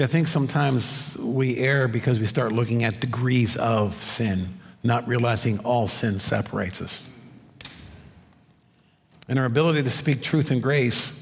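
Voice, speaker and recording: Man, pastor, preaching a sermon, rhetorical questions, slows for emphasis, long hall echo. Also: medium pitch, gravelly.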